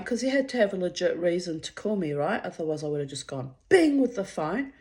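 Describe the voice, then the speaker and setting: A woman's voice: lowish voice, big pitch swings, brisk, hardly any pauses, a little mellow. A middle-aged woman, telling a story to her channel in a blunt, profane and dramatic way. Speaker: vlogger. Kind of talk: casual storytelling monologue.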